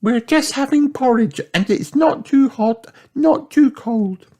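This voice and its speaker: Tiny girl bear cub, very high and singsong, done by a male reader. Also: expressive, takes it slowly, dark tone, exaggerated voice. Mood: friendly. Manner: squeaky, singsong. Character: sweet little girl bear cub, friendly.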